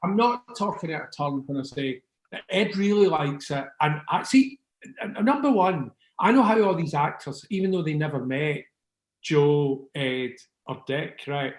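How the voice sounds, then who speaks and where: In reverberant surroundings, a Scottish man in his sixties who founded a record label talks at a measured pace in a slightly high voice. The casual interview finds him rambling and sweary, forever asking "do you know what I mean."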